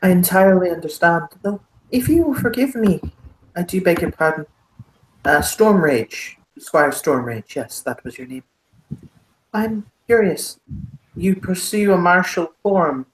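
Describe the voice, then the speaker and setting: A man's voice: sits high, expressive, unhurried, echoey room, slight background noise, pitched above the performer's own voice, rough recording. A man voicing a haughty noble male fairy baron, speaking pompously and courtly in an Irish accent.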